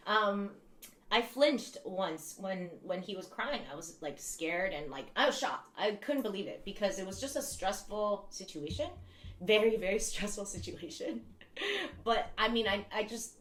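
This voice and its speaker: A woman's voice: medium pitch, fairly bright tone. Candid, rambling young woman in an echoey room. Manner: candid and rambling, with swearing and laughter. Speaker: vlogger. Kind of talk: casual chat to camera.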